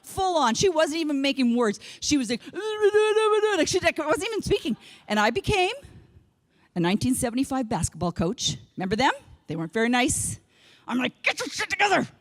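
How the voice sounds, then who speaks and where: A woman from Canada giving a humorous keynote speech, an animated storyteller who acts out what people said. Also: high-pitched, brisk, in a large hall. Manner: animated storyteller acting out quotes. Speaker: keynote speaker. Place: large conference hall.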